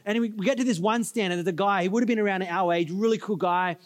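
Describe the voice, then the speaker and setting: High-voiced pastor in an echoing hall. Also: male voice, fairly even intonation, quick pace. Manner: storytelling, conversational asides, audience call-and-response. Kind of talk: sermon. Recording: reverberant hall.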